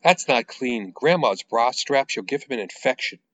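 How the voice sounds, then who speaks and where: A man's voice: medium pitch, lively intonation, moderate pace, a bit bright, slight background noise, close to an everyday voice. Man reading as a brash protective woman. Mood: brisk. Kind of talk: author reading aloud.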